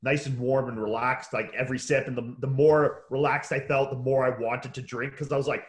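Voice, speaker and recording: Casting: quick, rambling male podcast host, roomy echo, acts out quotes. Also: mid-range voice, steady tone. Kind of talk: casual chat.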